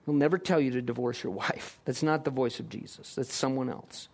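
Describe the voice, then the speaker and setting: Emphatic preacher with rising questions. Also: male voice, mid-range voice, a little fast, gravelly, darkish tone. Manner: emphatic, repeated rhetorical questions. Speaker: pastor. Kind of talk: sermon.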